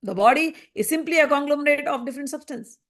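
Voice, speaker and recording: A woman's voice: sits high, quick pace, a bit bright. A woman explaining a spiritual text, pressing her listener with repeated rhetorical questions. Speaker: scripture teacher. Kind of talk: spoken commentary on a spiritual text.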